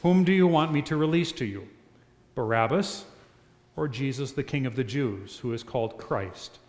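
A man reading the lines of a wary, troubled Roman governor in a measured, grave way, in a church. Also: medium pitch, a little mellow, long reverb tail, lightly acted. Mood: questioning.

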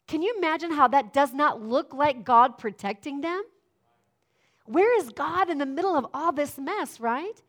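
A middle-aged woman preaching a sermon, lively and often asking the congregation questions. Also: high-pitched, normal speed.

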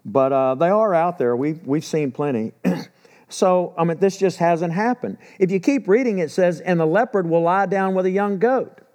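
A man's voice: high-pitched, moderate pace, a little mellow. A middle-aged male pastor teaching a sermon in a folksy storytelling way, often asking the listeners rhetorical questions.

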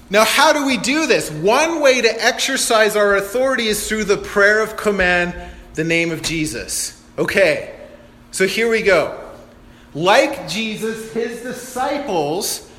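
A man with a notably high voice preaches a lively sermon, acting out the Bible's speakers with energy and laughing at himself. His voice rings through a large hall with long reverb and a roomy echo. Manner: animated, acts out Bible quotes, laughs at himself. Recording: echoey hall.

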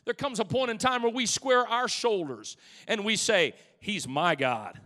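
A man preaching a sermon as pastor in a church, swinging between loud exclamations and hushed asides and calling out to the congregation. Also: extremely high pitch, animated, moderate pace. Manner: calls out to the congregation. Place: church sanctuary. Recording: long church hall reverb.

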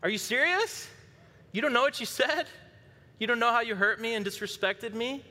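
Man putting on a high, exasperated wife voice, incredulous, ringing hall. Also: moderate pace, sharp tone, exaggerated voice.

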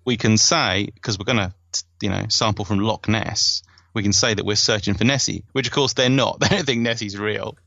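A man's voice: on the low side, steady tone, moderate pace, vocal fry, few pauses, sharp tone, no room sound, highs cut off. A man hosting a podcast in casual chat, digressive and self-mocking, often laughing at himself. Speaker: podcast host and author.

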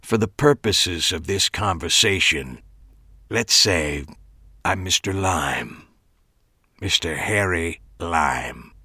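A man doing a rasping, eerie thin old man. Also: sits low, expressive, slow pace, sharp tone, no room sound, clean studio sound, full character voice. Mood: eerie, theatrical. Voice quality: throaty, rasping growl. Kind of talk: audiobook character voice.

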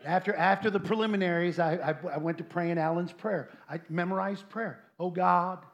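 A man preaching a sermon as a comic story, animated and laughing, often acting out voices. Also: sits high, fairly quick, highs cut off.

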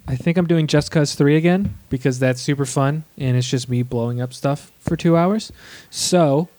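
Mellow-voiced male podcast co-host. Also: on the high side, moderate pace, dry recording. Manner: enthusiastic, chatty opinions. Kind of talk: casual podcast chat.

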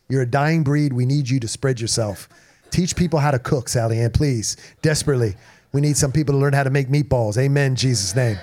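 A male pastor preaching a sermon to his congregation, energetic, repeating himself and calling out to the room. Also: medium pitch. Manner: energetic preaching with repetitions and call-outs to the congregation. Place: church in front of a congregation.

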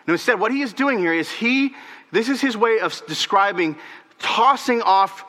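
An animated male pastor preaches a sermon at a normal speed, repeating words and swinging between emphatic highs and hushed, almost whispered lows. A long reverb tail trails his voice.

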